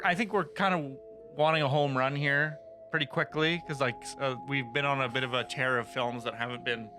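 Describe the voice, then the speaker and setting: A man's voice: on the high side, pushed and bright. A man hosting a casual movie review podcast, chatty, laughing often and swearing freely. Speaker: podcast host.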